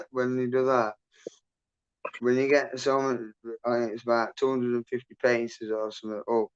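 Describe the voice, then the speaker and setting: A man's voice: medium pitch, clear, resonant tone, highs cut off. A man hosting a livestream, telling a rambling story in casual chat, swearing constantly and laughing as he goes. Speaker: livestream host.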